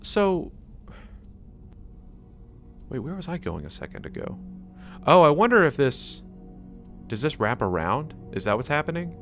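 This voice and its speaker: A man's voice: a little high, unhurried, pauses often, faint music behind. An American man hosting a gaming channel, chatting and laughing through casual gameplay commentary. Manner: excitable, chatty, laughs a lot.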